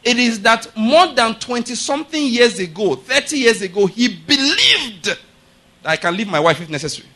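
A man's voice: very high-pitched, very animated, moderate pace, bright, forceful tone. A middle-aged male pastor preaching a sermon, emphatic and often checking with his congregation through rhetorical questions.

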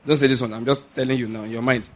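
A man's voice: medium pitch, rapid-fire. A man preaching a sermon as pastor, slipping into pidgin asides and acting out little scenes. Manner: animated preaching with pidgin asides and acted-out quotes.

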